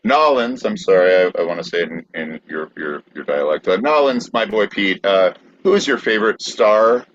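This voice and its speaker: A man's voice: low-pitched, normal speed. A man co-hosting a podcast, teasing in casual banter over a video call. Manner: playful, teasing. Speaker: podcast co-host. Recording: dull, muffled dry sound.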